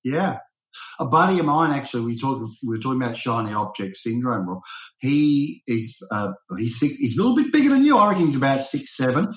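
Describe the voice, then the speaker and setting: A man hosting an interview, telling stories in a lively, animated way. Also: medium pitch, a little fast, echoey room, low-quality recording. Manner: animated, storytelling. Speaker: podcast host. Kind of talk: casual interview chat.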